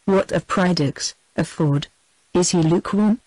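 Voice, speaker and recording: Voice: medium pitch, measured pace, a little mellow, dry recording, lightly acted. A narrator reading the lines of an irritable, careworn young duke in an audiobook, dry and close. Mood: impatient. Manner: impatient, irritable.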